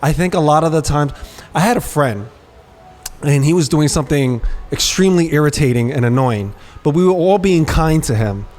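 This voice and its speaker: A man with a somewhat high voice co-hosts a laid-back podcast, speaking at a moderate pace. He's a lively storyteller who voices quotes in street slang.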